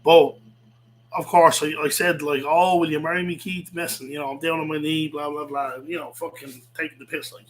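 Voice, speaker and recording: A man's voice: a little high, level tone, normal speed, a little hiss or hum, poor audio. A man ranting in a rambling way, swearing a lot, with many fillers and restarts. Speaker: vlogger. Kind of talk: rambling rant to camera.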